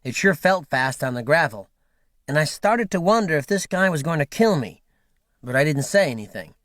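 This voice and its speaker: A man reading an unabridged audiobook in a steady, wry storytelling manner. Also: a little high, normal speed, no room sound, clean studio sound. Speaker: audiobook narrator. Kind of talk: scripted narration.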